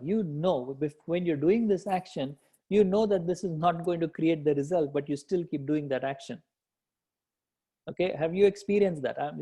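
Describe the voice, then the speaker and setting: A man's voice: a little high, mellow. A man coaching entrepreneurs in a live session, encouraging and repetitive, answering participants as he goes. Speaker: business coach.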